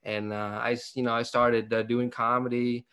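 A man's voice: mid-range voice, flat delivery, moderate pace, a bit bright, smooth. A young man from Vietnam with a Vietnamese accent, a stand-up comedian chatting as a guest, joking and laughing often between fillers. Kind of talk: casual interview chat.

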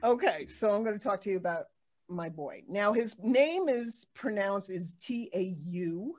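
A woman hosting a casual talk show, telling stories in an animated way with many restarts and fillers. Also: mid-range voice, unhurried. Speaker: podcast host. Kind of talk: casual chat.

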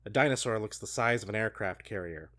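A man co-hosting a show, reading a gamebook aloud with hushed dramatic delivery and laughing asides. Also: lowish voice. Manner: hushed and slow when reading, then swearing and laughing in asides. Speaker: podcast co-host reading a book aloud. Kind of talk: dramatic read-aloud with banter.

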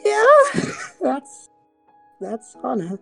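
A woman's voice: a little high, huge pitch swings, a little fast, dark tone, slightly rough, faint music behind, pitched above the performer's own voice, heavily acted. Woman doing a sputtering, emotional man. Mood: choked up. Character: emotional man teasing his old friend.

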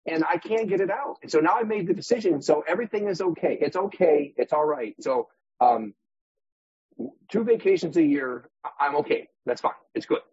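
A man's voice: fairly high pitch, lively intonation, moderate pace, a little mellow, slightly rough, no room sound. A man as a guest on a real estate podcast, talking animatedly and acting out voices and examples. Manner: demonstrative, acts out inner voices, uses props as metaphors. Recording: dull muffled podcast audio.

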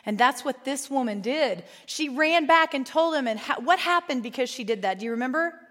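Female Bible study teacher, earnest and playful, slightly high voice, reverberant hall. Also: lively intonation, fairly quick, a bit bright. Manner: earnest, playful, with asides to the room. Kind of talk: Bible lesson with storybook reading. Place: large room with a group.

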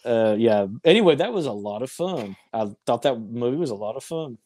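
A man on a casual podcast chat, cracking dry deadpan jokes. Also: mid-range voice, brisk, crowd noise. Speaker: podcast co-host.

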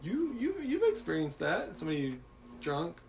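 A man's voice: on the high side, huge pitch swings, normal speed, gravelly, soft background music. A man co-hosting a casual podcast, joking around and chiming in with short replies. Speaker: podcast co-host. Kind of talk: casual chat.

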